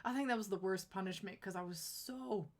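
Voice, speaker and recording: A young adult woman streaming live, chatting casually and rambling through stories with lots of "like" and quick laughs. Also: mid-range voice.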